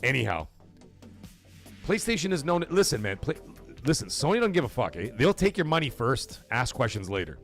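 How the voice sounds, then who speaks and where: Animated male gaming livestream host. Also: moderate pace, soft background music. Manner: animated, loud swings in pitch, swears freely. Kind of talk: casual livestream rant.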